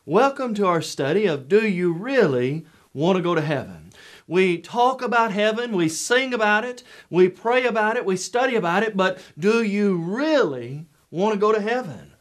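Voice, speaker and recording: A man preaching a televised sermon lesson, measured and emphatic, with repeated rhetorical questions. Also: high-pitched, expressive.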